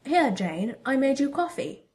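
A woman's voice: sits high, very animated, unhurried, pitched above the performer's own voice, exaggerated voice. Woman voicing a doting, smiling hero. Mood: fond. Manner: warm, smiling, fussing. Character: doting, cheerful Asgardian hero, gender-bent.

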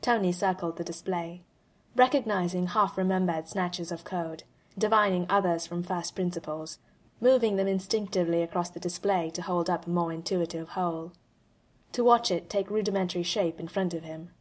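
Expressive woman reading a story. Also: lowish voice. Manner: expressive, with dramatic pauses. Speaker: fanfiction reader. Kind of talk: story narration.

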